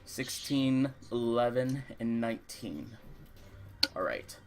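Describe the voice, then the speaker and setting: A man serves as dungeon master of a tabletop fantasy game, narrating the scene in an easy, unhurried way. His voice sits at an ordinary middle pitch, and he often stops to fill pauses with ums and uhs. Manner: relaxed, with frequent ums and uhs.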